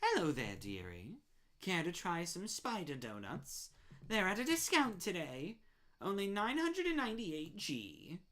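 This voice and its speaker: A woman's voice: wildly swooping pitch, a little slow, exaggerated voice. Woman putting on a syrupy spider baker, Muffet. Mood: sugary. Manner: syrupy, calls you dearie, low hushed menace. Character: sweet-talking greedy spider baker woman.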